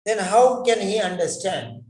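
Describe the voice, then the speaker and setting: Guy teaching pronunciation, kinda high voice, says each word again and again, echoey room. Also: lively intonation, a little mellow. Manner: slow, repeats words to model pronunciation. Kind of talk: classroom lesson on pronunciation.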